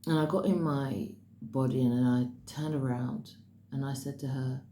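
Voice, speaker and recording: A woman with an exceptionally low, mellow voice tells the story of a dream in a casual, unscripted way, now and then pushing into emphatic bursts. The sound is roomy and echoey, with a faint hiss of noise underneath. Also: steady tone, normal speed. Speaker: spiritual dream-message host.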